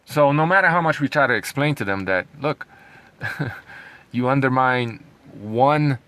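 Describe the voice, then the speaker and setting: A man's voice: medium pitch, measured pace, fairly bright tone, no echo. A man ranting in a sarcastic, heated way, reading out news lines and mocking them with scornful laughs. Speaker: commentary vlogger.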